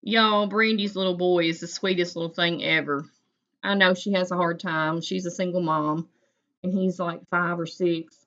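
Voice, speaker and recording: A folksy woman chatting live with her viewers, her voice low-pitched yet bright and forceful. The recording is dull and lo-fi, as from a home stream. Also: fairly even intonation, moderate pace. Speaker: livestream host. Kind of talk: casual chat with live viewers.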